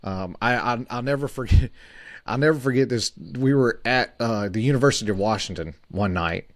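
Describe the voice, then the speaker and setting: A man in his forties, a podcast co-host, telling a story in a halting way with many fillers and restarts. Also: mid-range voice, dry recording, clean studio sound.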